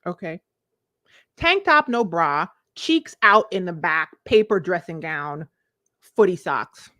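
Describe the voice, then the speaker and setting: Expressive woman in her forties, storytelling. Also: slow, no echo, clean studio sound. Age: 40s. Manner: expressive, confiding, laughing storyteller with sudden pitch leaps. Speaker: vlogger, life coach. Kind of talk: candid storytelling to camera, live stream.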